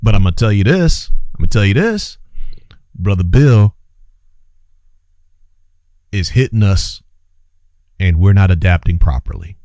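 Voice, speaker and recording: A man's voice: fairly low pitch, animated, a little slow, pauses often, mellow, no room sound. A man hosting an impassioned opinion monologue, preachy and urgent, repeating his phrases for emphasis and calling his listeners brothers and sisters. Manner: urgent, exclaiming. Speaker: host and commentator.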